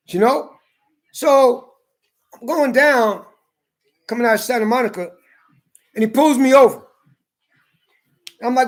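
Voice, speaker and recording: A man tells a story in an angry, profane rant. He talks heatedly and breaks into shouts. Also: very high voice, moderate pace, long pauses. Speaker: ranting commentator.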